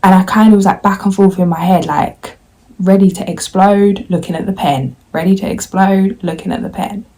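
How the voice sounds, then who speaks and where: A woman's voice: mid-range voice, steady tone, moderate pace, dark tone, poor audio. A woman tarot reader talking candidly to her viewers in a rambling way, often voicing her own inner self-talk. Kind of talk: candid confessional vlog.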